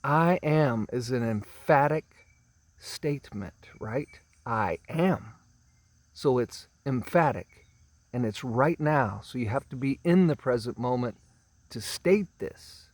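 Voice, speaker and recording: Slow, emphatic male spiritual teacher. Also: medium pitch, animated, dry recording. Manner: slow, emphatic, drawn-out phrasing with repeated words; clears throat often.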